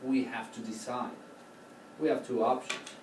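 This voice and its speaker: In a rehearsal room with a choir, a man teaches a choral conducting class, explaining patiently and singing short phrases as demonstrations. His medium-pitched voice is level and unhurried, captured on an echoey, distant, noisy room recording.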